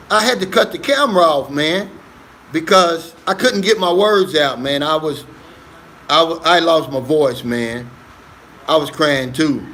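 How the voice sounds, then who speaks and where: A man's voice: a little high, fairly bright tone. A man hosting a casual livestream on his phone, reading viewer comments aloud and answering them in an earnest, easygoing way. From United States. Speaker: livestream host.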